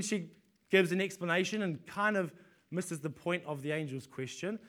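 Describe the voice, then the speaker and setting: A man with a notably high voice delivers a sermon to a congregation. He talks in a loose, conversational way, stumbling into repeated words as he restarts his sentences. He keeps pulling the listeners in with rhetorical questions. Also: a little fast, sharp tone. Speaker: preacher.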